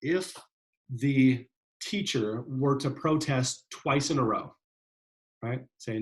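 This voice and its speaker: A male lecturer explains a psychology study in a loose, chatty way. He speaks at a middle pitch and keeps checking in with his listeners. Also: takes it slowly, long pauses, rough recording. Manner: conversational, many fillers and "right?" checks. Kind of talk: classroom lecture.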